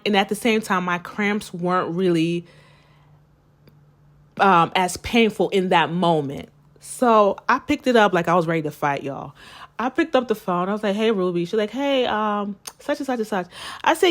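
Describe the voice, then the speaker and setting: A young woman tells a personal story to her viewers in a casual, chatty way. She is animated, often calls them y'all, and acts out the people she quotes. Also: medium pitch, moderate pace. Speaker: storytime vlogger.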